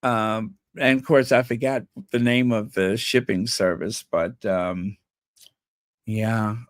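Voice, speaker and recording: A man's voice: on the low side, steady tone, takes it slowly, no echo, studio quality. A man hosting a live stream, chatting in a rambling, playful way and repeating words over and over as he tries out how to say them. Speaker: channel host.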